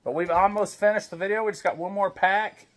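Bright-voiced dad chatting over card packs. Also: male voice, high voice, steady tone, fairly quick, a little hiss or hum. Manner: chatty, talks to his baby while reading card names. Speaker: wrestling card collector vlogger. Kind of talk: casual pack-opening chat. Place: home.

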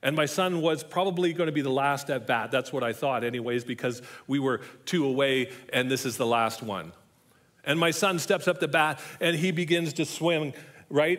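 Middle-aged pastor, bright forceful voice. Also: male voice, mid-range voice, moderate pace. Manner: storytelling, drops to a soft hushed voice for emphasis. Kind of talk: sermon. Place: church.

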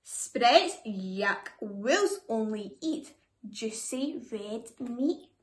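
A woman voicing a greedy, sly big bad wolf in a children's storybook, speaking low and drawn-out. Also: expressive. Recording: echoey room.

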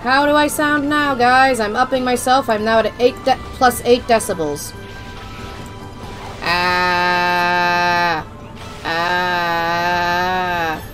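A woman's voice: on the low side, fairly even intonation, very slow, faint music behind. A woman streaming a video game, chatting casually and bluntly, her mic set off to one side. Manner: loud, blunt, joking. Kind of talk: casual gameplay stream chat. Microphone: desk mic off to the side.

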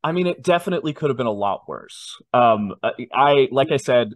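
Man in his twenties, animated storyteller, dry close sound, casual chat. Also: medium pitch, a little fast, no room sound. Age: 20s. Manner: animated, self-deprecating storytelling. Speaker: guest.

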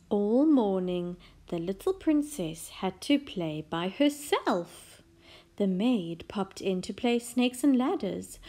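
A woman reading a children's picture book aloud in a very slow, expressive way, dropping now and then into a soft whisper. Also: medium pitch. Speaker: storyteller.

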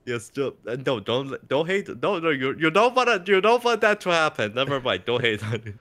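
Bright-voiced, animated young man. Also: medium pitch, fairly quick. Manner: animated, jokey, playful mock voices. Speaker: interview guest, content creator. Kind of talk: excited casual chat.

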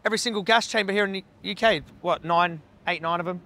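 A man's voice: high voice, quick pace, few pauses, bright, forceful tone. A man, an animal rights activist confronting people outdoors by a slaughterhouse, blunt and swearing, recorded on a handheld camera. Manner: blunt, heckling, swears a lot.

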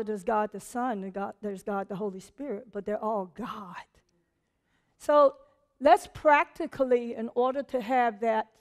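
A woman preaching a sermon in an animated, conversational way, laughing often and acting out quotes. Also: fairly high pitch. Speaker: preacher and teacher.

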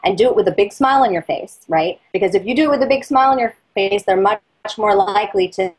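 A middle-aged woman, a dental marketing consultant, giving lively, persuasive advice as a podcast guest and acting out little dialogues. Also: medium pitch, fast, breathy edge, poor audio. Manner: lively and persuasive, acts out patient and dentist dialogue. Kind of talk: energetic interview talk, coaching advice.

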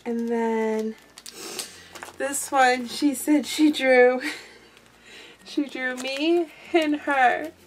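A woman hosting a craft unboxing vlog, talking in a soft, gushing, effusive way. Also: high voice, fairly even intonation, extremely slow, pauses often, slight background noise. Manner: gushing, effusive, frequent gasps and laughs. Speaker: craft channel host.

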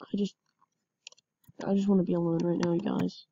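A woman giving casual game commentary, excitable, with frequent yelps and laughs. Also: lowish voice, a little fast, gravelly, muffled recording, slight background noise. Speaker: gameplay commentator.

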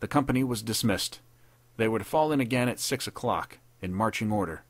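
A man narrating a 1930s pulp war story in a measured, dramatic reading. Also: lowish voice, no echo. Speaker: podcast narrator.

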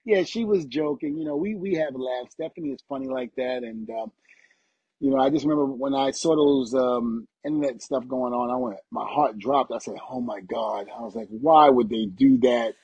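A man's voice: mid-range voice, normal speed, slightly rough, no room sound, dull audio. A middle-aged man, a retired wrestler, chatting as a podcast guest and acting out quotes as he tells stories. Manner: animated storytelling, acts out quotes. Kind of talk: casual interview chat.

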